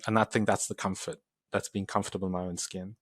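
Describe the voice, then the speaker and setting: Low-voiced man telling stories animatedly. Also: fast, breathy edge, dry recording, clean studio sound. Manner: animated storytelling, acts out quoted exchanges. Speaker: guest. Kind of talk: podcast interview.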